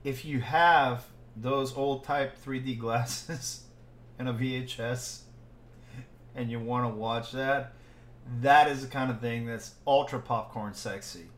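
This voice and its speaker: A man's voice: mid-range voice, slow. A man co-hosting a casual movie podcast, rambling through a film recap with frequent laughs. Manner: rambling, laughs often, animated when joking. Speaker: podcast co-host. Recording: echoey room with faint ambient noise.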